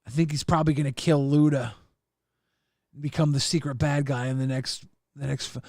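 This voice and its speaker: A man hosting a livestream, casually reading viewer messages and rambling with plenty of swearing in a deadpan way. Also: mid-range voice, fairly quick, dry recording, clean studio sound. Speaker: stream host.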